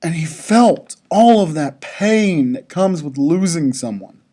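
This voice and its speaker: A chapel speaker at a school talking to children in an unhurried way. The pitch rises and falls a lot as the story is told. The tone is gentle and reassuring, and the speaker stops often to ask the listeners questions. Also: expressive.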